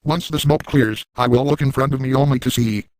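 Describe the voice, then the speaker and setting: A man's voice: mid-range voice, fairly quick, lightly acted, rough recording. A man doing brash, gleeful Drew Pickles. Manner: brash, excitable, over-the-top. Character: crude, gleeful, boastful adult man. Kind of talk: comedic first-person narration.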